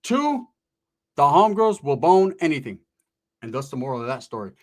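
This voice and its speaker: A man with a slightly high voice tells a street story in loose, slangy casual talk. He acts out the lines of the people in it and jumps around in pitch as he goes. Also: normal speed. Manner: animated, slangy, acts out quotes of others.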